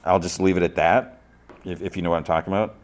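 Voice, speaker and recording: A podcast host recapping a show scene in a loose, rambling way, full of "like" and restarts. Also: male voice, low voice, steady tone, fast talker.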